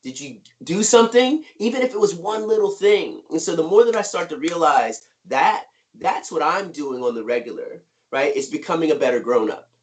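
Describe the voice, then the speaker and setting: Middle-aged male guest, upbeat and emphatic, slightly high voice, on a video call. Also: normal speed, hardly any pauses, a little hiss or hum. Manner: energetic, emphatic, keeps asking "right?". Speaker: author and guest speaker. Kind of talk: conversational interview.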